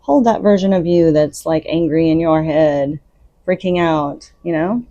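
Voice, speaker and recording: A woman's voice: low voice, a little slow, mellow, no echo, muffled recording. A woman hosting her own podcast, giving unscripted spiritual self-help talk in an earnest, coaching way. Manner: earnest, coaching, laughs between thoughts. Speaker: podcast host.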